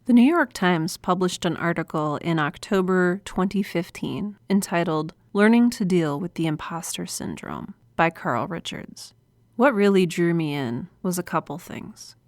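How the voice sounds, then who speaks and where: An unhurried, animated woman with a fairly low pitch hosts a podcast by herself. Close to a studio microphone and free of room sound, she speaks earnestly and confidingly, smiling as she goes.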